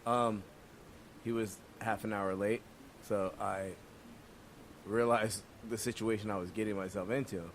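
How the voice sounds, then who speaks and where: A man who works as a chef, co-hosting a casual podcast, cracking dry jokes and then telling a calmer story of his own. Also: fairly low pitch, measured pace, pauses often, slight background noise. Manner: dry joking interjections, quieter when narrating.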